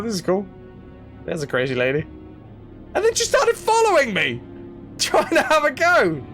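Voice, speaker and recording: A young man streaming a game, telling stories and chatting with his viewers in a lively, casual way. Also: sits high. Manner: animated, chatty storytelling to viewers. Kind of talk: casual chat while playing a game.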